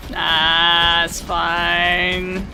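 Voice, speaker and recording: A woman chatting casually with friends over a co-op game, giving deadpan, brief replies. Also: on the low side, extremely slow. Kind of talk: casual gaming chat.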